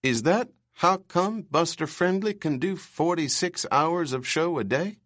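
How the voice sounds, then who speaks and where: A timid, earnest young man, as a male narrator puts him on, speaking a little higher than the reader's own voice. He trips into stammers on his words and talks with a shy sincerity. The reading is close and dry. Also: lively intonation, a little slow, a bit bright, no room sound.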